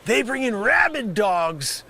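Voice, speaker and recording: Loud, insulting fake scammer man. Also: high-pitched, very animated, takes it slowly, a little hiss or hum. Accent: put-on New York. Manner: loud, insulting, swings from shouting to muttering. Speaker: improv comedian playing a phone scammer. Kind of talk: improvised comedy sketch.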